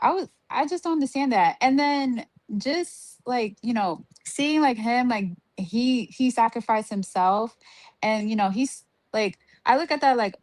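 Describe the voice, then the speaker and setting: A woman's voice: medium pitch, measured pace, no room sound. A woman co-hosting a show review, ranting in an exasperated way with lots of "like" and fillers. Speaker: podcast co-host. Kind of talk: casual review chat.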